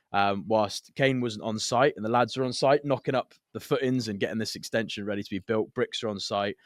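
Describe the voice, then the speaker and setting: Laughing English podcast co-host, dry mic. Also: male voice, lowish voice, no echo. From England. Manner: laughing storyteller, acts out quotes loudly. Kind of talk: casual chat.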